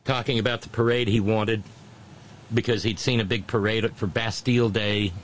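A man's voice: on the low side, fairly even intonation, moderate pace, rough recording. A man giving a casual political commentary monologue, mocking and sarcastic, often breaking off and restarting.

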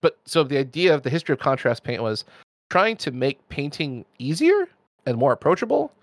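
Hombre explicando con entusiasmo, voz seca. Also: male voice, on the high side, big pitch swings, brisk, dry recording. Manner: enthusiastic, explanatory, talks in long runs. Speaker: miniature painting expert host. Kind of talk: casual chat.

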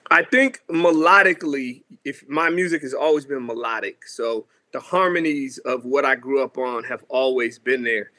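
A man in his thirties from Seattle, a musician telling stories in a casual interview, lively and acting out quotes. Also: medium pitch, normal speed, hardly any pauses. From Seattle, USA. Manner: animated storyteller, acts out quotes, says "you know what I mean" a lot. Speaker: musician guest.

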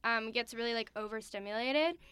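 Smooth, higher-voiced young woman chatting. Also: brisk, fairly bright tone, dry recording. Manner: chatty, filler-heavy. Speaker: podcast co-host. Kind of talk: casual chat.

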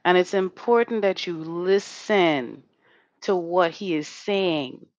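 A woman's voice: on the low side, slow pace, a little mellow, no echo, dull audio. A woman hosting a live online talk show who speaks emphatically, swears freely and keeps asking "right?". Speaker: host.

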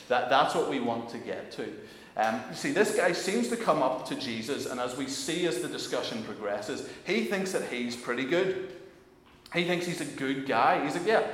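Animated preacher in an echoey hall. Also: male voice, mid-range voice. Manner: animated, many restarts, acts out quoted voices. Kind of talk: sermon. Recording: very echoey hall, faint room noise.

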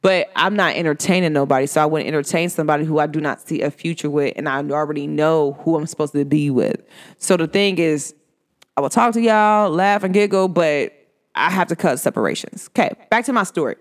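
A woman's voice: low-pitched, brisk. A woman hosting a spiritual podcast, telling a story in a casual, slangy monologue. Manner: animated, slangy, swearing freely.

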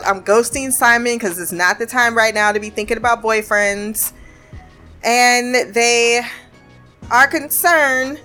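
A woman casually recapping a TV episode, chatty and laughing, quoting characters in quick bits. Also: fairly high pitch, pushed and bright. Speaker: show recapper.

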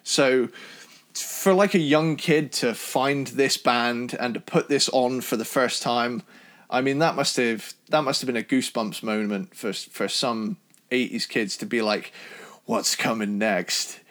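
A man from Cornwall with a British accent, co-hosting a casual album review chat in an enthusiastic, talkative way. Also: unhurried. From Cornwall, England. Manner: enthusiastic, chatty, jumps in pitch when excited. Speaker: podcast co-host reviewing albums.

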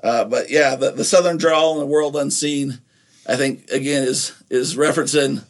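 A middle-aged man from Nephi, Utah, co-hosts a podcast, talking in a steady, medium-pitched voice at a moderate pace. The casual chat rambles, full of restarts and fillers.

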